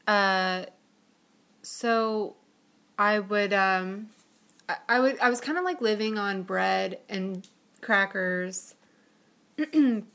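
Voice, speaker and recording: A woman's voice: medium pitch, slow, pauses often, a bit bright. A woman co-hosting a podcast, telling a story in a chatty way, with lots of fillers and giggles. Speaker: podcast co-host. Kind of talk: casual storytelling chat.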